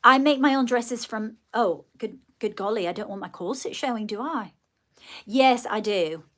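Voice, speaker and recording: Speaking at a moderate pace, this woman has a fairly high, slightly bright voice. She's a live streamer casually telling a meandering story, folksy and chatty, addressing her viewers directly and often stopping to start over or drop in fillers.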